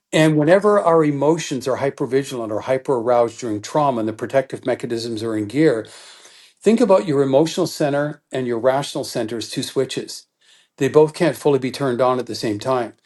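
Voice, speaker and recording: A middle-aged man as a guest expert in an interview, explaining in an animated teaching manner and acting out quoted thoughts. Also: mid-range voice, brisk.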